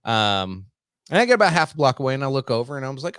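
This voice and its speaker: A man's voice: mid-range voice, sing-song, fast talker, a bit bright, clear, resonant tone, no room sound, clean studio sound. A man hosting a podcast who tells a rambling, profane story in a casual way, full of fillers, and calls himself a simple country boy. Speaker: podcast host.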